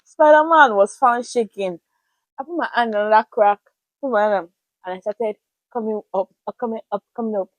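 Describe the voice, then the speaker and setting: A young woman, casually telling a personal story to her vlog audience in an animated, expressive way. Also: a little high, brisk, dry recording, poor audio. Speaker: vlogger.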